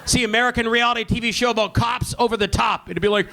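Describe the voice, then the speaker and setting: A brash, profane stand-up comedian from Vancouver, talking in a high voice on a comedy club stage. He speaks into a handheld mic, with faint noise around him. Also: fairly even intonation, quick pace, creaky, hardly any pauses, sharp tone. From Vancouver, Canada.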